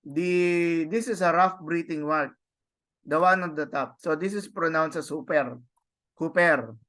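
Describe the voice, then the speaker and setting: A man from the Philippines teaching a Greek grammar class, talking haltingly with many restarts and tag questions. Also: fairly high pitch, fairly even intonation, fairly bright tone, clear, resonant tone. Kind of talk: online class lecture.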